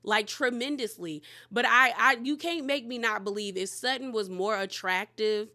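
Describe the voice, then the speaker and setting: Brief: woman recap host, blunt and slangy, fairly high, bright and forceful voice. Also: normal speed. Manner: candid, slangy, emphatic. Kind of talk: casual commentary.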